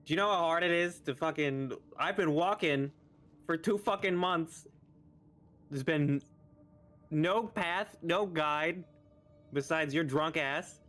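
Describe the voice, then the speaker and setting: A man's voice: medium pitch, normal speed, few pauses, a bit bright, clean tone, close to an everyday voice. A man playing a grumpy, jaded halfling adventurer who curses in exasperation. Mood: exasperated. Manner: exasperated and cursing.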